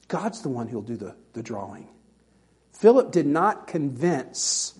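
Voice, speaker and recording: Pastor, male, husky timbre, conversational sermon delivery with playful quoted voices. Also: medium pitch. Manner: folksy storytelling with animated quoted voices.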